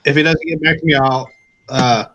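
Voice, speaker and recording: A man on a casual live stream, quickly and matter-of-factly correcting the others. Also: medium pitch, steady tone, a crowd in the background, poor audio.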